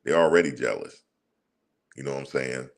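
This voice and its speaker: A man's voice: extremely low pitch, normal speed, creaky. A man hosting a sports channel, ranting heatedly and profanely in a casual monologue, repeating himself as he goes. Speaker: sports commentary channel host.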